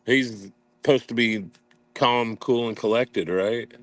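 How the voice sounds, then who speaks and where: A man's voice: medium pitch, slow. A man co-hosting a casual reaction chat, sarcastic and profane. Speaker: co-host.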